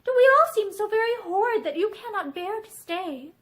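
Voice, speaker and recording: A woman reading aloud and voicing a lively, teasing young society woman. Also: extremely high pitch, pitched above the performer's own voice. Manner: bright, teasing, quick to challenge.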